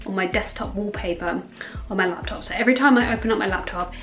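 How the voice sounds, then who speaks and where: A woman's voice: mid-range voice, fast, fairly bright tone, faint music behind. A woman talking casually to camera at home, chatty and earnest, rambling and correcting herself as she encourages viewers. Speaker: self-acceptance content creator. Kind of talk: casual vlog talk. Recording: echoey room.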